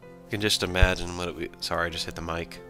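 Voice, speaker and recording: Deep voiced guy rambling and joking thru a game playthrough, self-corrects a lot, quiet game music. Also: level tone, fast talker. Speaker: let's play host. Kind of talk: casual game commentary.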